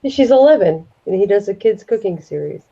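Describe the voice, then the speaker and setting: Mellow-voiced mother chatting on a stream. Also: medium pitch, lively intonation, a little fast, vocal fry, muffled recording. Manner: chatty, laughs easily. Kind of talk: casual chat.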